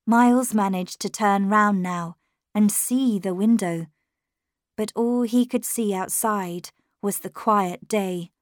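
A woman narrating a classic ghost story as an audiobook in the first person, with measured, expressive delivery on a close studio mic. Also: medium pitch, no room sound. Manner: measured and expressive, dramatic at tense moments.

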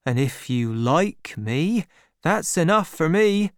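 A man voicing an earnest young shepherd farmer who gently pleads his love, in a slow, lively storybook reading. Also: fairly high pitch, no echo, studio quality, pitched above the performer's own voice. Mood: earnest pleading.

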